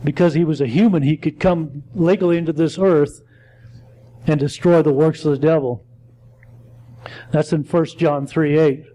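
Guy teaching bible study, kinda high voice, soft mellow tone, stumbles and restarts a lot. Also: fairly even intonation, rough recording. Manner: halting, stumbling, self-correcting.

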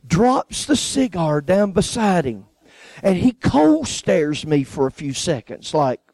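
A man's voice: fairly high pitch, big pitch swings, slow, a little mellow, no echo, low-quality recording. A man preaching, telling a personal story and acting out the people in it. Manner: folksy storyteller acting out quoted voices. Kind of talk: sermon testimony storytelling.

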